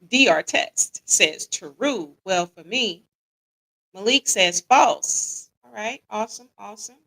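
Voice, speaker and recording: A woman's voice: mid-range voice, expressive, slow pace, pushed and bright, rough recording. A woman hosting a live podcast in casual chat, reading listener comments aloud and quizzing them. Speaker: podcast host.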